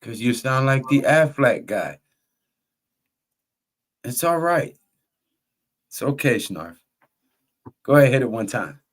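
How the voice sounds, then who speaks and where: A man with a medium-pitched voice hosts a live game-watch stream. He chats loosely with viewers by name and then switches to calling the action like a play-by-play broadcaster. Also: animated, slow pace, pauses often. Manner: greets chat viewers by name and calls the plays like a broadcaster. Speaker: host.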